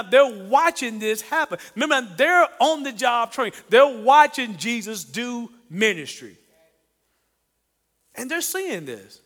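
A man preaching a sermon in an animated way, asking the congregation questions and acting out the voices he quotes. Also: very high voice, in a large hall. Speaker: pastor.

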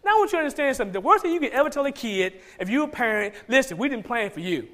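A man's voice: very high voice, big pitch swings, very fast, a bit bright. A man with a Georgia Southern accent preaching a sermon as pastor, emphatic and repeating key phrases for stress.

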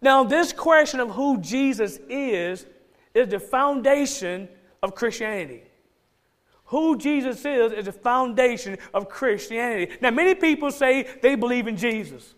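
High-voiced Georgia-accented preacher. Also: male voice, animated, a little slow, a bit bright. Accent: Southern US, Georgia. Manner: emphatic, repeats key phrases for stress. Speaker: pastor. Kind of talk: sermon.

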